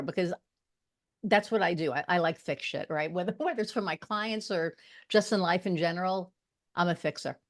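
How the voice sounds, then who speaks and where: A woman from Long Island, a podcast guest, telling a personal story in casual chat and checking in with quick asides. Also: lowish voice.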